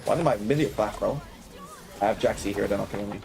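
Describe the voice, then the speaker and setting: Fast-talking man coaching a game live. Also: on the low side, gravelly, a little mellow, faint music behind. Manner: quick, explanatory, keeps checking in with "right?" and "okay?"; laughs and banters with chat. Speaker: streamer coaching a video game. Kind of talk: live gameplay commentary.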